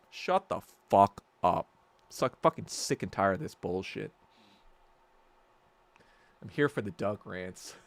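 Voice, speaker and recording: A man hosting his own podcast in a solo rant, profane and heated, swinging between loud outbursts and low muttering. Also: smooth, dry recording. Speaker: podcast host. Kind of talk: solo ranting monologue.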